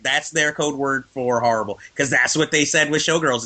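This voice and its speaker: A man's voice: a little high, a little fast, few pauses, bright, forceful tone. A man chatting casually about films, opinionated and laughing often. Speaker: guest film reviewer. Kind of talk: casual film chat.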